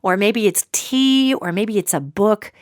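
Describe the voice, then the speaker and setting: Woman hosting her own podcast, lively and jokey, mid pitch, dry close sound. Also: measured pace, no room sound. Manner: animated, jokey, acts out quoted voices. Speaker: podcast host. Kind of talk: solo podcast monologue.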